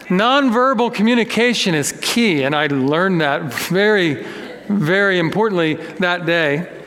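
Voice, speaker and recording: A man preaching a sermon as pastor, telling a personal story in an animated, self-deprecating way. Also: high-pitched, measured pace. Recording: long echoey reverb of a hall.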